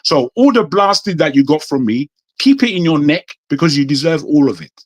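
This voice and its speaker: A man's voice: a little high, lively intonation, brisk, no room sound. A man from Nigeria with a British accent, speaking insistently as a guest in a heated debate. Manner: indignant, insistent, repeats for emphasis. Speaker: panel guest.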